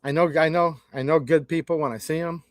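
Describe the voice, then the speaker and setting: Man, high-pitched, blunt, folksy, chatty commentary, dry close sound. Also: fairly even intonation, fairly quick, no room sound. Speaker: channel host. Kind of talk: casual opinion commentary to camera.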